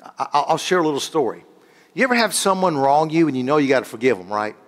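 A man preaching, animated, stopping to search for words and drawing answers from the congregation. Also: a little high, quick pace. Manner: animated, call-and-response with congregation; rambling, restarts and searches for words. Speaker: guest preacher. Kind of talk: sermon.

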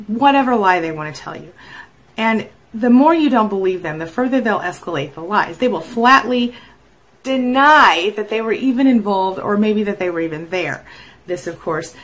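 A woman's voice: mid-range voice, a little fast, low-quality recording. A middle-aged woman life coach giving an explainer talk, acting out the voices she quotes. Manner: animated, acts out quoted voices.

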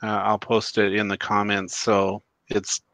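A man co-hosting a live psychic show. He chats in a soft, agreeable, unhurried way. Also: lowish voice, monotone, dry recording, low-quality recording. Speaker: psychic co-host. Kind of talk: casual live-stream chat.

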